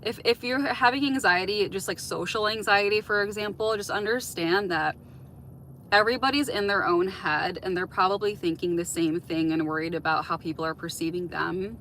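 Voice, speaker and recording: Chatty woman with a bright voice. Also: medium pitch, normal speed, slight background noise, low-quality recording. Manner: chatty, heavy use of "like" and "um"; open, reflective advice-giving. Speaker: livestream host. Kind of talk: casual live-stream chat answering viewer comments.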